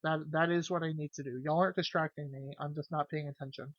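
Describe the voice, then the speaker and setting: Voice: mid-range voice, fairly even intonation, quick pace, dry recording, lo-fi sound. A streamer chatting casually with viewers, jokey and loose, swearing freely. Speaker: game streamer.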